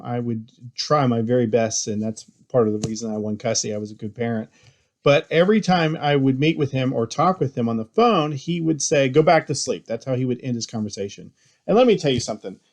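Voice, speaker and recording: A middle-aged man from Texas, a business owner, giving casual motivational tips in an earnest storytelling manner and growing animated when he quotes himself. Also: medium pitch.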